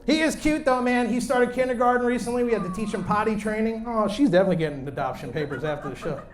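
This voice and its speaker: A man in his late thirties doing a loud, brash, crude stand-up set on a comedy club stage, talking into a handheld mic. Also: high-pitched, animated, fast talker, slight background noise. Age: late 30s.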